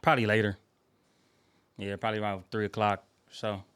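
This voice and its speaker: A young adult man sits in as a guest on a casual podcast chat. He speaks with a lowish pitch and an easygoing manner. He laughs often and keeps his replies brief. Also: flat delivery, fairly quick, fairly bright tone, smooth.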